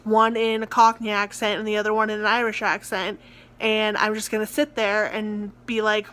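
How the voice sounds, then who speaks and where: A woman's voice: medium pitch, level tone, moderate pace, a bit bright. A young American woman, a theatre student, ranting in a rambling casual vlog full of filler words. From United States. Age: young adult. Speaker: college theatre student vlogger.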